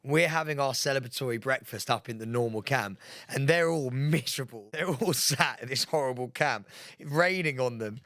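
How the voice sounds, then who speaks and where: Excitable man telling stories. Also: mid-range voice, normal speed, no room sound, clean studio sound. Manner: energetic, laughs while telling stories, acts out quotes. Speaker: podcast co-host.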